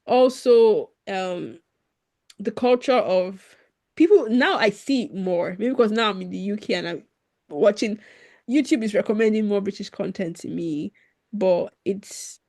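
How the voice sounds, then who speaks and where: A woman's voice: mid-range voice, unhurried, dark tone. A young woman from Nigeria, a podcast guest chatting casually and laughing often as she acts out little quotes. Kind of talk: casual conversation.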